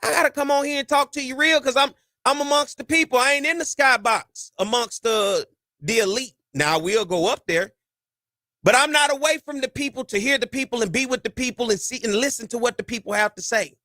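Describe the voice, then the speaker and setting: A man's voice: very high voice, brisk, dry recording, studio quality. A man hosting a sports talk podcast, talking casually and with fire, in folksy slang. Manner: animated, preachy, folksy slang. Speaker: podcast host.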